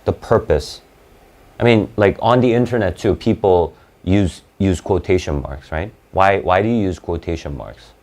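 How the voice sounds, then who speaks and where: A man's voice: low-pitched, moderate pace, a little mellow. A man teaching an SAT class, explaining in bursts and checking in with "right?" and "okay?". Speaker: SAT tutor. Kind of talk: live online class lecture.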